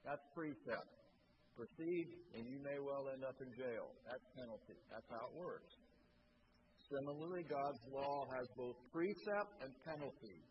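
A man preaching a sermon, emphatic and rising loud on key points. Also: mid-range voice, normal speed. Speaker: pastor. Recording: dull lo-fi sound with clear background noise.

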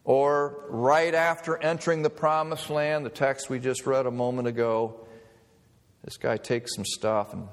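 A man's voice: mid-range voice, steady tone, unhurried. A man preaching a sermon in a conversational way, mixing humor with scripture. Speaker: pastor. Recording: long reverb of a hall.

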